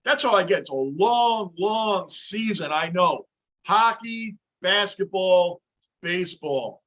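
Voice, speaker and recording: Male stream host, high pitch, sharp tone, intense fan ranting live from a home basement. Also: expressive, slow. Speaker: livestream host. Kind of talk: live sports reaction commentary.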